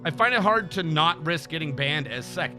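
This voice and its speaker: A man's voice: a little high, expressive, moderate pace, over loud music. A man streaming, chatting casually and rambling, swearing freely as he tells stories. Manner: rambling, swears freely, acts out dialogue in anecdotes.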